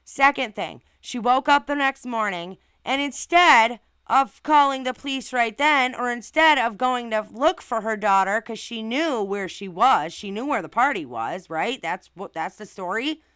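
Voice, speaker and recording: Woman host, casual stream commentary, indignant and blunt, bright clear tone, dry close sound. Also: on the high side, animated, measured pace, few pauses, no room sound. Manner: outspoken, indignant, swears and asks rhetorical questions. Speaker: channel host reading viewer comments.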